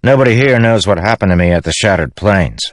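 A man's voice: on the low side, lively intonation, fast talker, no echo, pitched above the performer's own voice, close to an everyday voice. Plain-spoken male soldier, matter-of-fact, voiced by the narrator, dry audiobook. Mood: steady.

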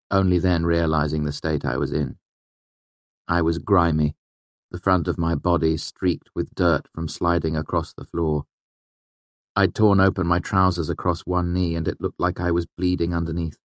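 A man reading a novel aloud as narrator, in measured, tense storytelling. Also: low-pitched, flat delivery, no room sound. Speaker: audiobook narrator. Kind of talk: scripted narration.

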